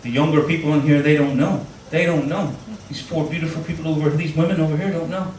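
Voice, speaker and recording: A man's voice: on the high side, fairly even intonation, fast, a little mellow, slight background noise. A man with a Northern Irish accent doing crude stand-up comedy, teasing the audience. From Northern Ireland. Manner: crude, crowd-teasing banter. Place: comedy club stage. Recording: roomy live venue, mic at a distance, crowd laughter. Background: audience laughing.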